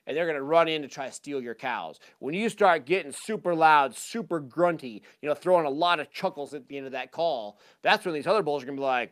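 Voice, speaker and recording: A man presenting a live talk to an audience on a handheld mic, casual and energetic, with lots of fillers. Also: on the high side, fairly quick, few pauses, smooth. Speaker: hunting seminar presenter.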